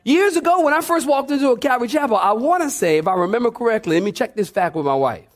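A man preaching a sermon to a church congregation, telling stories with humor and talking back and forth with the people. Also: high voice. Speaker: pastor. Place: church sanctuary before a congregation.

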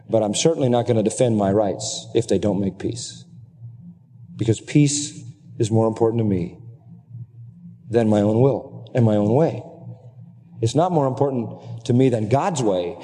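A middle-aged man preaching a sermon, earnest and emphatic, at times climbing into high, excited exclamations. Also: a little hiss or hum. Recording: long hall reverb.

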